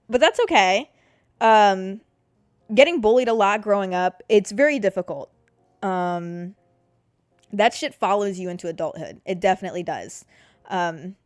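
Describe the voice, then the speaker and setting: A woman's voice: mid-range voice, no room sound. A young woman, hosting a solo podcast in a candid, rambling, casual way, full of "like" and the odd swear word. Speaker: podcast host.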